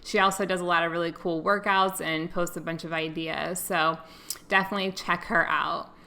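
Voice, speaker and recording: A woman's voice: fairly low pitch, fairly even intonation, moderate pace, vocal fry, pushed and bright. A young adult woman giving a casual, earnest and emotional to-camera update as a vlogger.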